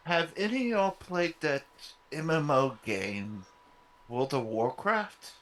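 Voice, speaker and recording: A man's voice: on the high side, animated, slow, fairly bright tone, slight background noise. A man chats casually as a player at a tabletop role-playing game. He talks unhurriedly, drawling his words at a leisurely pace.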